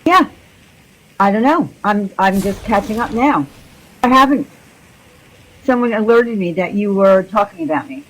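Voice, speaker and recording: A woman's voice: mid-range voice, expressive, measured pace, long pauses, slight background noise, rough recording. A woman joining a livestream chat, confrontational and demanding, stammering through restarts.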